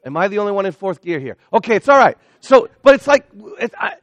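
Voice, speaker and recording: Excitable man preaching, voice climbing high. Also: fast, dry recording, dull audio. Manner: excitable, builds to near-shouting. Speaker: missionary preacher. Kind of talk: energetic sermon.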